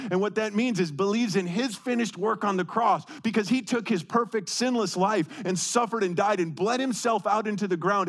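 A man preaching a sermon as pastor, repeating key words for stress and swinging between quick bursts and slow, drawn-out phrases. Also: high voice, fairly bright tone.

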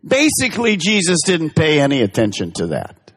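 Male pastor, sermon delivery, lively swooping pitch, long hall reverb. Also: husky. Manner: emphatic, drawn-out stresses with big pitch swings.

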